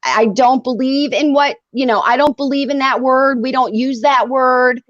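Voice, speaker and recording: A woman guest on a live stream who speaks in a halting, apologetic way with many fillers. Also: high-pitched, steady tone, dry recording. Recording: dry, dull lo-fi line.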